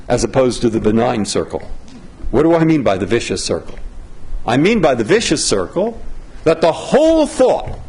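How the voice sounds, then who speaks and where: An older American man giving a conversational conference speech as a judge, asking himself questions and breaking off mid-sentence. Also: medium pitch. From United States. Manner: conversational and self-interrupting, asks himself questions. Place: conference hall.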